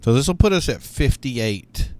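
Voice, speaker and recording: A man's voice: mid-range voice, big pitch swings, moderate pace. A man giving casual, rambling commentary while playing a video game, thinking aloud with many fillers and restarts. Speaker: gaming YouTuber.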